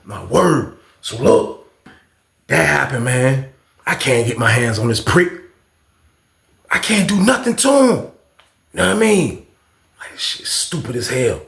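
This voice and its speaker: Gravelly man telling a storytime. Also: mid-range voice, a little slow, pauses often, reverberant. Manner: profane, animated storytelling. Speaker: vlogger. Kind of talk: casual storytime.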